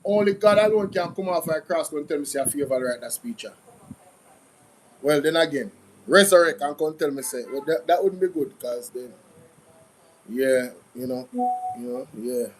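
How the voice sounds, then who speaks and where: Animated Jamaican man hosting commentary. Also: a little high, moderate pace, long pauses, rough recording. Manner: animated, repetitive, mocking. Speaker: commentary channel host. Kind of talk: casual reaction commentary.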